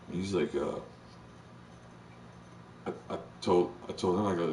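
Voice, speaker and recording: Man, low-pitched, rambling slangy streamer talk, roomy echo, far from the mic. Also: normal speed, pauses often, slight background noise. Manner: rambling and profane, heavy slang. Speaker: live streamer. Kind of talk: casual chat. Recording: roomy, distant mic with faint ambience.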